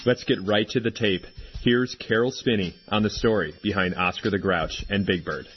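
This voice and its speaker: A male host giving scripted radio narration in a smooth, measured way. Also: on the low side, steady tone. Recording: muffled, with music under.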